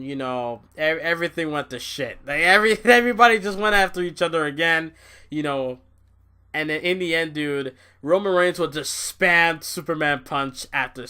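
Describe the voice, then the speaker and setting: Young man, casual rant, stammers and repeats, swears, bright tense voice. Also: fairly high pitch. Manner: excitable, repeats himself, swears, laughs at his own points. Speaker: wrestling review vlogger.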